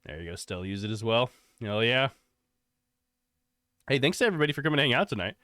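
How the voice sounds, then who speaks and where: A man's voice: medium pitch, fast, smooth, no room sound. Brief: stuffed-up young male streamer, nasal, easygoing chat, dry mic. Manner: relaxed, rambling, thankful. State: congested and coughing. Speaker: live streamer. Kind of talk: casual chat with chat.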